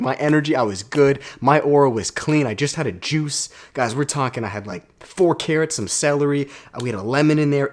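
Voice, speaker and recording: A young man, a self-development vlogger, talking casually to camera in a quiet condo room, telling a story with energy and slang. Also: medium pitch.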